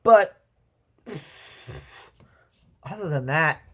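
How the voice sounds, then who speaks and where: A man's voice: on the high side, expressive, drawn-out words, pushed and bright. A man giving a casual movie review, rambling with lots of "um" and "you know" and acting out sound effects as he talks. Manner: voices sound effects and quotes while telling.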